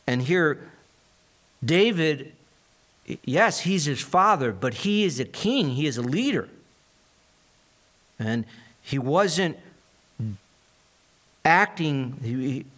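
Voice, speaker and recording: A pastor preaching a sermon, reading scripture and retelling it in an earnest, conversational way. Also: male voice, medium pitch, lively intonation, takes it slowly, pauses often, a bit bright.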